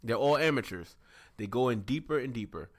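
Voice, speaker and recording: A man's voice: medium pitch, lively intonation, fairly quick. A man co-hosting a podcast, casually recapping an anime episode and acting out scenes with silly voices. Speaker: podcast co-host.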